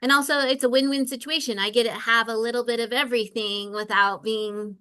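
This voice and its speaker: An upbeat woman chats as a guest on a podcast. Her voice is bright and a little tense. The sound is dry and close to the mic, with no room echo. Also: on the high side, steady tone, fairly quick, clean tone. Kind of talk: casual conversation.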